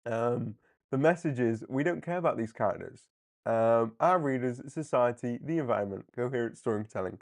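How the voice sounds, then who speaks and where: A man hosting a live comic book discussion, animated and often laughing as he briefly acts out characters. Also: medium pitch, moderate pace, vocal fry. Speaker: comic book livestream host. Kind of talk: casual live commentary.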